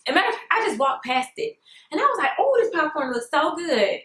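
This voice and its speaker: A young woman telling a story on her vlog in a sassy, animated way, often calling her viewers "girl". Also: high voice, brisk, reverberant, rough recording. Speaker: vlogger.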